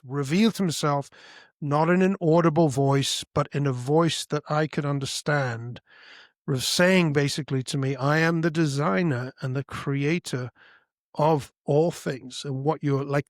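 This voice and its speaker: A man's voice: no echo, clean studio sound. A man in his fifties, a podcast guest telling his life story in an emphatic way. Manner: emphatic, breaks into high loud voices when quoting.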